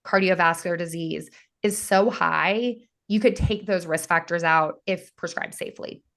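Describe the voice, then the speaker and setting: A woman with a hoarse, worn voice answers questions on a video call. She talks eagerly in quick bursts. She sounds like an experienced health professional. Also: lowish voice, fairly bright tone. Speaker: functional medicine practice founder, guest.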